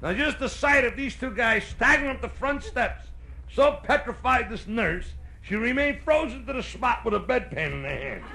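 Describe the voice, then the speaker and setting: A male stand-up comedian with a Brooklyn accent, telling jokes live on a club stage and slipping into quick character voices. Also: extremely high pitch, lively intonation, gravelly, pushed and bright. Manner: brash storyteller doing quick character voices. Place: hotel nightclub stage. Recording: live club recording with faint noise. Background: audience laughter.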